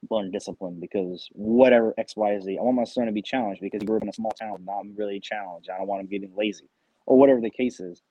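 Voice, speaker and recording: A man's voice: fairly low pitch, dark tone, dry recording, dull audio. A man, a recruiter, chatting casually and giving blunt advice to listeners, with casual swearing. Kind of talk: casual chat.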